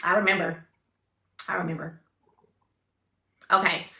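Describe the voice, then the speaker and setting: A woman's voice: lowish voice, flat delivery, unhurried, bright, forceful tone, echoey room. A woman hosting a live shopping stream, chatty and upbeat, urging viewers to buy. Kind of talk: live-stream sales pitch. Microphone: phone.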